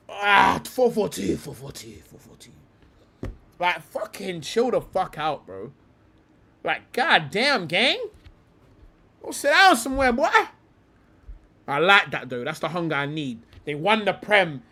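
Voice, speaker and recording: A young man rants through a livestream, swearing and using heavy slang. His voice sits high for a man. It swings all over the place in pitch. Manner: animated and profane, heavy slang. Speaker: livestream host. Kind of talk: profane livestream rant.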